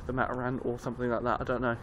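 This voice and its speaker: Holding his phone, a young man casually vlogs on a noisy street, rambling and cursing through a story. His mid-range voice is completely flat and very fast.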